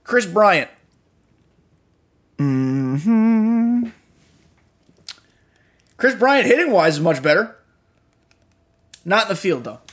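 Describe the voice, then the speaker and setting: Young guy with a high voice, worn out, cussing his way through a casual gaming rant. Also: big pitch swings, normal speed, long pauses, a bit bright. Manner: blunt and profane, frustrated asides. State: tired, yawning. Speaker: podcast host.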